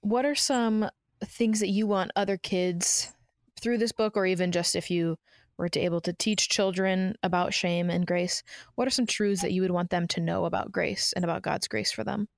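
A mother co-hosting a podcast, speaking casually and telling everyday stories with a relaxed, chatty manner. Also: medium pitch, normal speed, vocal fry, dry recording, clean studio sound. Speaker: podcast co-host.

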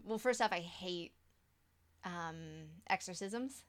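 A woman co-hosts a casual podcast, reading listener stories aloud while laughing often and swearing freely. Her voice is mid-range and she speaks slowly.

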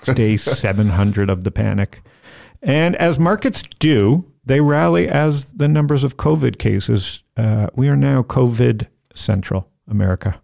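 A man's voice: mid-range voice, a little slow, vocal fry, few pauses, darkish tone. A middle-aged man hosting a podcast in a casual joking chat, rambling and self-mocking, jumping off topic. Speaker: podcast host.

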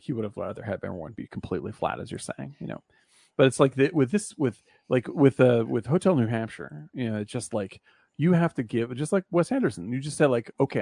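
A man's voice: medium pitch, animated, brisk, gravelly, dark tone, husky, dry recording. A man hosting a casual film discussion, blunt and profane, rambling with lots of fillers.

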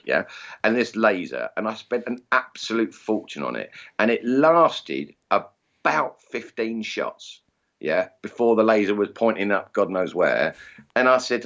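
A man's voice: fairly low pitch, fairly bright tone, lo-fi sound. A man in casual podcast chat, telling anecdotes in a chatty way and slipping into voices when he tells stories. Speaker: guest, airgun competition organiser.

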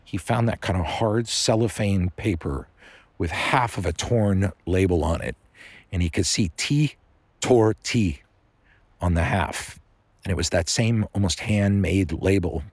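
A man's voice: low voice, a little slow, darkish tone, dry recording. A man casually improvising a bedtime story, rambling with many fillers.

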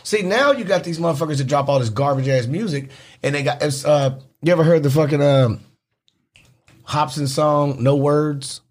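A man, a rapper chatting casually on a podcast, animated and profane and quick to laugh. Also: fairly high pitch. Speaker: rapper guest.

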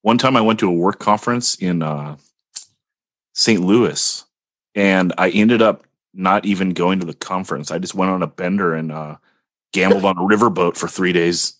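Low-voiced man with dry quips. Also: moderate pace, no room sound. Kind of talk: casual podcast chat.

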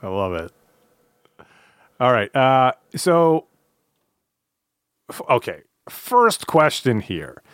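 A man hosting a casual podcast chat, talking in a relaxed, halting way and often repeating words. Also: medium pitch, clear, resonant tone, no room sound, clean studio sound. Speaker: podcast host.

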